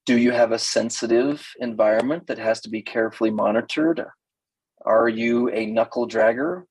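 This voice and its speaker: A man's voice: mid-range voice, moderate pace, a little mellow, slightly rough, dry recording, rough recording. An older man coaching women in a playful talk, often mimicking other people's voices. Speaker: relationship coach.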